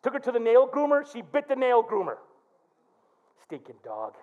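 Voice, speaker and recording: A man's voice: very high voice, normal speed, muffled recording. A middle-aged male pastor preaching a sermon, telling stories and acting out prayers. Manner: animated preaching with quoted prayers.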